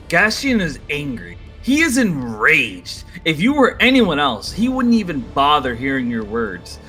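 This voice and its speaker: Male GM narrating: slow, bright, husky, faint music under. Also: a little high. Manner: measured, descriptive narration. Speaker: game master. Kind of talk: narrating a tabletop role-playing game.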